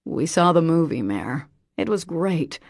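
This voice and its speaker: A woman voicing a calm, quiet, wry young man in an audiobook. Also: measured pace, vocal fry, no room sound, clean studio sound, full character voice. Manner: calm, low-key.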